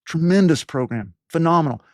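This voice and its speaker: A man's voice: fairly high pitch, expressive, brisk, a little mellow, no echo, clean studio sound. A man in his fifties from East Tennessee, telling his own life story in an interview, reflective and rambling with many fillers and restarts. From East Tennessee, USA. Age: 50s. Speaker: leadership podcast host as guest.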